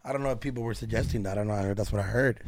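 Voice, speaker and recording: A man's voice: on the low side, rapid-fire, darkish tone. A man co-hosting a podcast, chiming in with eager, agreeable slang-filled banter. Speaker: podcast co-host. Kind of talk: casual podcast chat.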